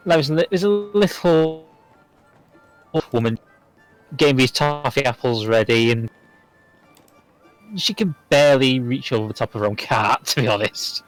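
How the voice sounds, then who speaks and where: A man's voice: mid-range voice, lively intonation, a little slow, pauses often, faint music behind, low-quality recording. A man narrating as game master of a tabletop game, chatty and loose.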